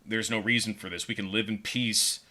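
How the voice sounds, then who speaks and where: A man puts on a scornful young woman held prisoner, told in a flat, stumbling way. The voice sits low but sounds bright and forceful. It is a casual retelling, not a full performance. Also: moderate pace. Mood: defiant. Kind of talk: casual retelling of a story pitch.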